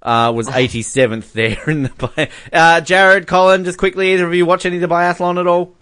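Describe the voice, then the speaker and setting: A man's voice: high-pitched, steady tone, fairly quick, fairly bright tone, dry recording, clean studio sound. A man hosting a casual sports podcast, joking and laughing often. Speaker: podcast host.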